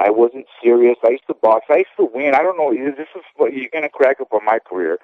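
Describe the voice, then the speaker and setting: A man's voice: medium pitch, dry recording. A man in his fifties, a former boxer, talking candidly and at length in a casual interview, often checking in with the listener as he goes. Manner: candid and rambling, often tags "okay?". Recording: tinny dry phone line.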